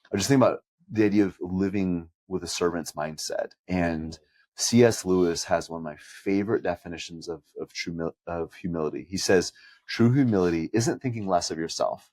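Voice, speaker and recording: A man's voice: sits low, a little fast, darkish tone, no room sound. A man co-hosting a podcast who also preaches, telling personal stories in an earnest, reflective way. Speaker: podcast co-host and pastor. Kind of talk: conversational podcast chat.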